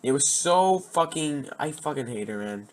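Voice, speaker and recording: A man's voice: fairly high pitch, lively intonation, normal speed, slight background noise. A man telling personal stories in a rambling, casual way, swearing often and repeatedly losing his train of thought. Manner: profane, meandering, keeps losing his thread.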